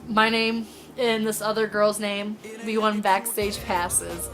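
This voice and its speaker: A woman from Indiana telling a story in a casual vlog, excited and rambling, filling her talk with "like". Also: mid-range voice, takes it slowly, soft background music. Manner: excited, rambling, heavy use of "like". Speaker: vlogger.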